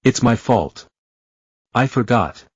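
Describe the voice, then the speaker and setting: A man's voice: mid-range voice, animated, slow, breathy edge, no echo, dull audio. Man voicing a seasick, anxious young woman. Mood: apologetic. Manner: apologetic and panicky.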